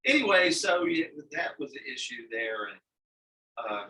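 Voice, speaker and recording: A man's voice: fairly high pitch, sing-song, normal speed, bright, forceful tone. A man, a longtime radio DJ telling stories in a casual, folksy chat. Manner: folksy storyteller. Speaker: radio DJ guest. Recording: distant mic with faint background noise.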